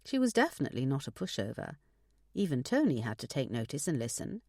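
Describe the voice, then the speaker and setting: A woman narrating a suspense audiobook in a measured storytelling manner. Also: very deep voice, very animated, a little mellow, no echo, studio quality. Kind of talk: scripted narration.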